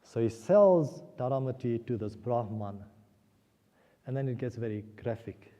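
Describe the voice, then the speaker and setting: Brief: man telling a sacred story at a temple, very dark mellow voice, long hall reverb, muffled. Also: mid-range voice, unhurried. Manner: animated, emotional retelling. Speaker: speaker at a temple celebration. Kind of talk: spiritual discourse storytelling.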